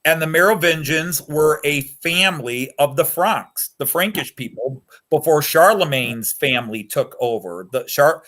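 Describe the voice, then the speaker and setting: A man's voice: on the high side, animated, a little slow, hardly any pauses, a bit bright. A man talking casually and at length on a hobby chat show, rambling and getting worked up over history.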